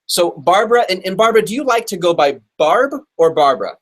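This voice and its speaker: A man's voice: high voice, lively intonation. Upbeat man hosting a live show. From Texas. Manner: upbeat, chatty, quick asides. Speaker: host.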